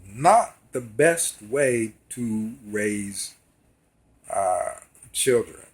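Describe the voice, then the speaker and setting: Husky-voiced man talking to his viewers. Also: mid-range voice. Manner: earnest, talks straight to viewers. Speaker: vlogger. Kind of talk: casual direct-to-camera monologue.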